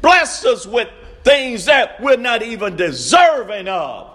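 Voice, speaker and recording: A man preaching a sermon, slow and emphatic, repeating his refrains and rising to shouts. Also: very high-pitched, big pitch swings.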